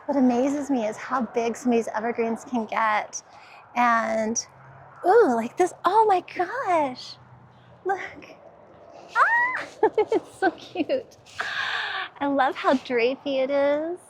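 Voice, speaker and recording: A woman with a high, bright-toned voice strolls through an outdoor garden center, gushing over what she sees and laughing often. She talks at an easy, unhurried pace into a handheld camera. Faint outdoor ambience sits behind her. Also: big pitch swings, a little hiss or hum. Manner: gushing, enthusiastic, quick to laugh. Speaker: garden vlogger. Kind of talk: casual walk-through vlog.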